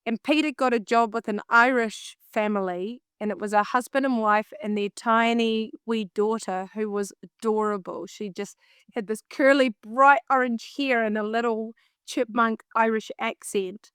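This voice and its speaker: A woman with a New Zealand accent telling a story in a casual interview, lively and acting out her own past thoughts. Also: on the high side, normal speed, smooth, dry recording, clean studio sound. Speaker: guest, singer and vocal coach.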